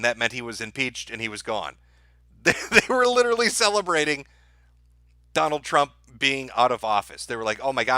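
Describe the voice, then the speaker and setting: A man's voice: mid-range voice, pushed and bright, no echo, studio quality. A man hosting a livestream, ranting sarcastically and profanely and laughing at his own jokes as he reads viewer super chats. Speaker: livestream host.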